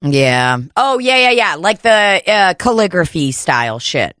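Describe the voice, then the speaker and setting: Slow-talking crude comedian woman. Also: fairly low pitch, very animated, fairly bright tone, no echo, clean studio sound. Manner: crude, rambling, laughs often, breaks into mock voices. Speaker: comedian podcast co-host. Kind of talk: casual comedic chat. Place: home room podcast setup.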